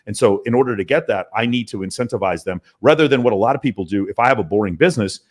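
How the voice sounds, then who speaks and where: Guy on a podcast w/ a lowish voice, super emphatic, swearing, just keeps going. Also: racing. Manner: emphatic, profane, talks in long runs. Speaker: podcast guest, mentoring business owner. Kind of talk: casual podcast interview.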